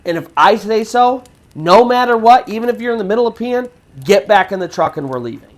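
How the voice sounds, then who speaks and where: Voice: mid-range voice, expressive, fairly quick, voice pushed up, close to an everyday voice. The storyteller quoting a stern, middle-aged male mission president who gives firm, clipped warnings.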